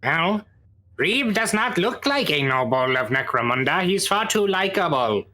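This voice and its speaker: Bright-voiced man in playful banter. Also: high-pitched, big pitch swings, unhurried. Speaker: tabletop game player.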